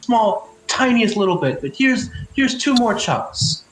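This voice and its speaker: A man's voice: extremely high pitch, very animated, a bit bright, reverberant, slight background noise, voice pushed up, full character voice, poor audio. A man voicing a flustered, grateful man who stammers over his thanks. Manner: halting, stammering.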